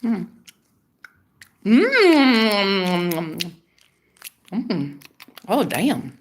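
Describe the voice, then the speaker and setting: In a casual vlog, a woman tells a story to the camera in a chatty, dramatic way, swearing often as her voice sinks to a hush and then gets loud again. Her pitch is medium, her delivery animated, and her speed normal.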